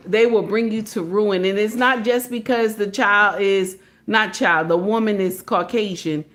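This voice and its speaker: A woman's voice: medium pitch, measured pace, a bit bright. A woman giving casual reaction commentary, emphatic and repetitive, driving each point home with "okay?" and "baby".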